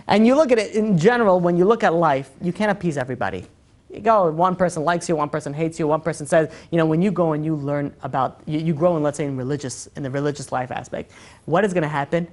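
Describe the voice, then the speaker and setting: Fast-talking man teaching a class. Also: on the high side. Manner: animated, chatty, full of "you know". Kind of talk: lively lecture to a live group.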